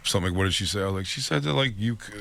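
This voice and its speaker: A man co-hosting a casual comedy talk show, telling stories with lively voices for the people in them. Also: fairly low pitch, rapid-fire, creaky, background noise. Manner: animated storyteller, does voices of others; laughs while telling stories. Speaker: co-host.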